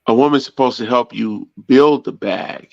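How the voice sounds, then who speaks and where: A man's voice: mid-range voice, moderate pace, creaky, no echo. A blunt man in a casual podcast chat, hammering his point home with repeated, homespun comparisons. His voice sounds dull and lo-fi, with a completely dry acoustic. He often restarts his words midway.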